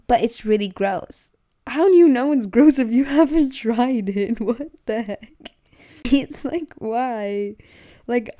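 Young woman, podcast host, mellow voice, casual rambling rant full of "like" and "dude". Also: mid-range voice. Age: young adult. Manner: rambling, animated, laughs often, frequent "like" and "dude".

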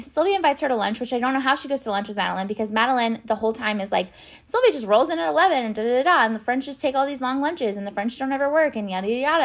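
Exasperated swearing young woman ranting. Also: high voice. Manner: exasperated, sarcastic, swears a lot, many fillers. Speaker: show recap vlogger. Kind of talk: casual ranting recap.

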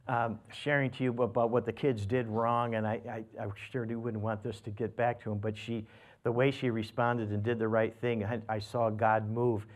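An older man preaches, easing into a homey personal story. He rambles with plenty of restarts and fillers. He lifts his voice to act out what others said. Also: fairly low pitch. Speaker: pastor.

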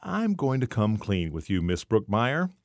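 A man's voice: lowish voice, very animated, a little slow, no room sound, studio quality. A man reading the lines of a scheming bartender in his forties, conspiratorial and hesitant.

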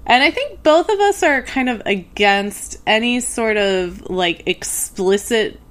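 A woman's voice: a little high, lively intonation, slow, fairly bright tone. A woman co-hosting a podcast in casual late-night chat, chatty and full of fillers, laughing often. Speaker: podcast co-host.

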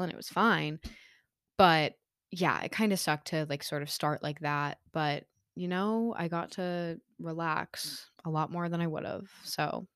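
A woman's voice: sits low, smooth, no room sound, studio quality. A young woman hosting her own podcast, chatting casually and filling her talk with "like" and "um". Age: young adult. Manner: chatty, heavy use of "like" and "um", frequent laughter. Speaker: podcast host. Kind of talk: casual chat. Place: her room.

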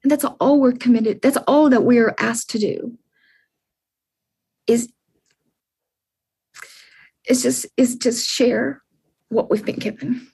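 Breathy sixties woman on a podcast, earnest and churchy, voice sits a bit high. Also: slow pace, long pauses, warm tone. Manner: earnest, repeats words, faith-filled encouragement. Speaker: podcast guest. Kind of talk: heartfelt interview answers.

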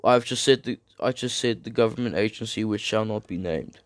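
A man's voice: fairly low pitch, brisk, dry recording. A young man reads a finance article aloud, breaking off for slangy jokes and stumbling over terms. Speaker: streamer reading an article. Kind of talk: casual reading with commentary.

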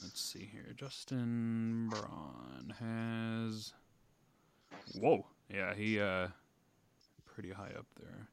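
A man's voice: fairly low pitch, very slow, vocal fry, a little hiss or hum. A man co-hosting a casual sports podcast, blunt and swearing freely, muttering while he checks stats. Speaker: podcast co-host.

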